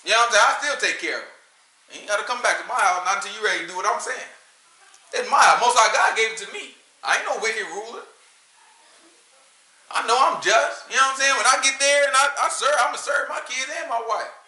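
A man preaching a sermon. He talks in a lively, conversational way and often breaks into shouts. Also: extremely high pitch, quick pace, echoey room, poor audio.

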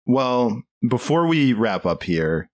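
A man's voice: medium pitch, very animated, takes it slowly, a little mellow. A man cohosting a podcast, speaking casually and easily agreeing. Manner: easygoing, laughs along, short agreements. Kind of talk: casual chat.

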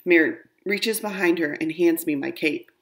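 A woman reading a children's storybook aloud in an animated, expressive way. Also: fairly low pitch, moderate pace. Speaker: reader.

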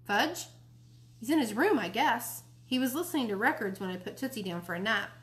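A woman's voice: on the high side, expressive, fairly quick, fairly bright tone. A woman playing a frazzled, scolding mom. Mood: alarmed. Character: frazzled, anxious mother of three. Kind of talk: read-aloud storybook.

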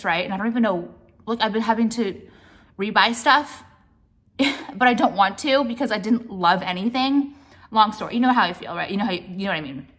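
A woman's voice: mid-range voice, a bit bright. Chatty American woman rambling casually. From United States. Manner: rambling, heavy use of "like", swears casually. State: pregnant. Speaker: vlogger showing purchases. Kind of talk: casual show-and-tell chat.

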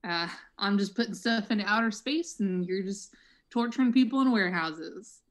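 A woman's voice: medium pitch, moderate pace, close to an everyday voice. A woman playing a smug, boastful male tech billionaire with a put-on South African accent, in an online improv comedy show. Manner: smug, mocking. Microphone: computer mic on a video call.

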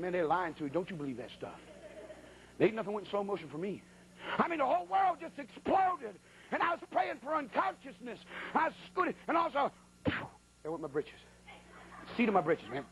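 Folksy high-voiced preacher telling a story. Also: male voice, a little hiss or hum, poor audio. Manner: folksy, colloquial, with sudden exclamations. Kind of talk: humorous sermon storytelling.

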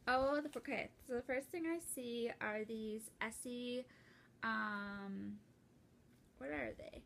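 Excited, rambling young woman unboxing gifts. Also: a little high, slow pace, gravelly, a little hiss or hum. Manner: excited, rambling with many fillers and restarts. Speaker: vlogger opening a gift. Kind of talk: casual unboxing chat.

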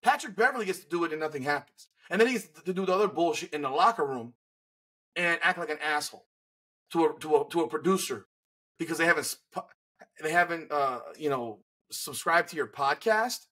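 A man's voice: a little high, lively intonation, brisk, sharp tone, breathy edge, low-quality recording. A man co-hosting a sports podcast, ranting bluntly and with profanity in an indignant tone. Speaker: podcast co-host. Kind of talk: heated sports opinion rant.

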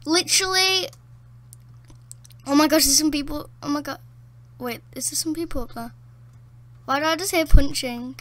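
A woman giving casual gameplay commentary from a dark room at home, excitable, often gasping, laughing and exclaiming. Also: high-pitched, normal speed.

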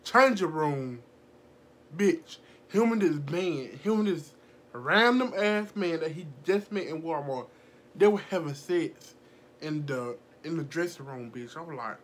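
A young woman telling a casual storytime vlog, animated and profane, laughing often and acting out the people in her story. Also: deep voice, unhurried. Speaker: vlogger.

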